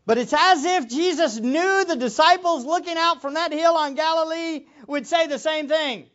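A preacher giving an impassioned sermon, moving from quiet reflection to loud exclamations and closing in prayer. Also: sits high, normal speed, dull audio. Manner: ends in prayer.

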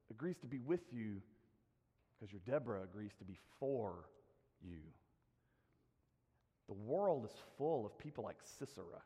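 A man preaching a sermon, telling stories and letting his phrases sink to a hush. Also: fairly high pitch, big-room sound. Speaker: pastor.

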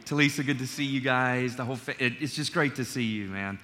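Here the pastor, a middle-aged man, speaks fairly quickly in a mid-range voice that comes across pushed and bright. He jokes and converses with his congregation during the sermon, and the large church gives the recording a long hall reverb.

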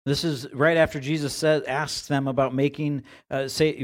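Guy preaching a sermon at church, mid-pitched voice, chatty, lots of restarts and repeated words. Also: fairly even intonation, normal speed, hardly any pauses. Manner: conversational, repeats words while searching for phrasing. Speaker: pastor. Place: church sanctuary.

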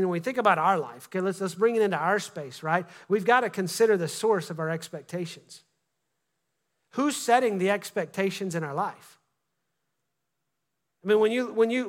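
Male pastor, high voice, sermon delivery with repeated false starts and acted-out quotes. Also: a bit bright. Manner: repeats words when starting phrases, acts out crowd voices.

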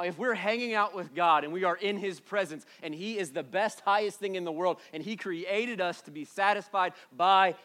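Male pastor, slightly high voice, loose joking sermon delivery with loud and soft swings, church setting. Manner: animated, casual and joking, swings between loud and hushed.

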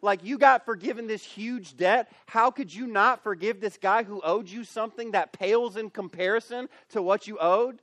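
A man with a notably high voice delivers a youth camp sermon as pastor. He tells the story with energy and slips into character voices. The sound is close and dry. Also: moderate pace, few pauses, dry recording. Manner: animated, acts out characters in the story. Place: camp meeting space.

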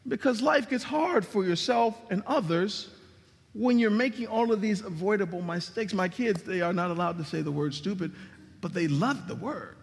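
A man preaching a sermon as pastor, emphatic, with sweeping swings in pitch and volume. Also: moderate pace, vocal fry, slightly rough, big-room sound. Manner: emphatic preaching with dramatic drops and rises in pitch.

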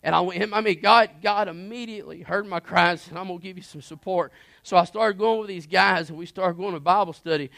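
A man preaching and telling his personal testimony, earnest and impassioned, swinging between hushed moments and emphatic ones. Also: high voice, brisk, vocal fry, few pauses, dry recording.

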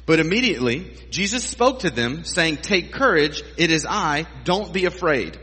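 A man's voice: on the high side, expressive, normal speed, pushed and bright, breathy edge, big-room sound. A male pastor preaching a sermon in a conversational, emphatic way, asking his listeners rhetorical questions.

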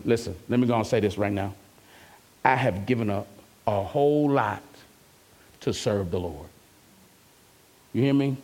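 A man's voice: on the low side, measured pace, long pauses, a little mellow. A man preaching an emphatic, conversational sermon as a pastor and calling out to his congregation.

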